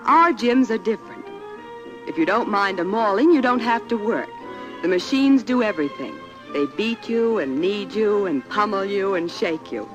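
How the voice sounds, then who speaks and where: A man narrating a vintage newsreel in a brisk, chipper announcer style. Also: sits high, expressive. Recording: dull old film soundtrack with music.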